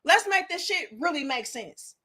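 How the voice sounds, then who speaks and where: Young woman going off on a rant, cussing a lot, high bright voice, preachy and blunt. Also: very animated, moderate pace. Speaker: commentary host. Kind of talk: ranting video commentary.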